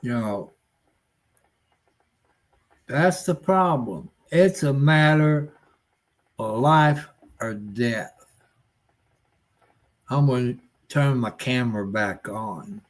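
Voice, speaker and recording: Slow-talking folksy older man. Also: mid-range voice, expressive. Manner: folksy, rambling, grumbling, with rural nonstandard grammar. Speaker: livestream host. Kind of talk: rambling casual live-stream chat.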